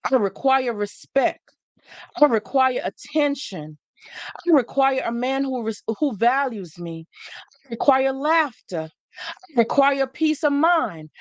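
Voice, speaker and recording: A woman with a high voice and no room sound hosts a live stream, giving viewers a motivational talk. She speaks in an emphatic, preachy way, often repeating phrases for effect.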